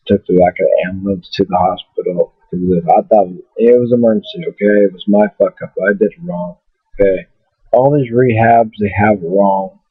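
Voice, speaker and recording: A man's voice: fairly low pitch, slightly rough, no echo. A man telling a personal story to his webcam in a rambling, blunt way, swearing freely. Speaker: vlogger. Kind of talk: casual storytelling to camera. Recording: tinny phone-like webcam audio.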